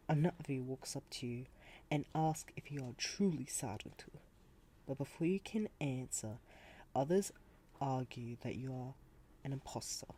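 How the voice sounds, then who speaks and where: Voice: medium pitch, mellow, breathy edge. A storyteller earnestly narrating a second-person fan story set in a game world.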